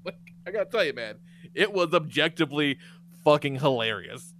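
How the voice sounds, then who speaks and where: Middle-aged guy on a podcast, swears a lot, bright voice swinging all over, faint hum behind. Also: fairly high pitch, fairly quick. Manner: profane, animated storyteller. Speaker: podcast host. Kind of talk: casual podcast chat.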